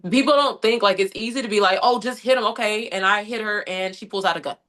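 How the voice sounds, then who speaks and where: Bright-voiced woman telling a story. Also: medium pitch, fast talker. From United States. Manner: animated storytelling, frequent "like" and quoted inner thoughts. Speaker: interview guest. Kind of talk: conversational interview recounting an incident.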